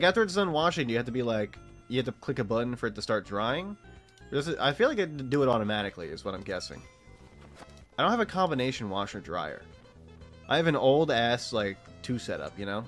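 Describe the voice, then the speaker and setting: A man's voice: lowish voice, a bit bright. A man from Texas giving casual, rambling gameplay commentary as a streamer, swearing freely and laughing often.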